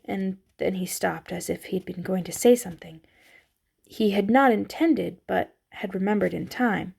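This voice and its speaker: Woman reading a kids book aloud, mellow gravelly voice, soft and measured. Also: medium pitch. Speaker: audiobook reader. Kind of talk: storybook narration.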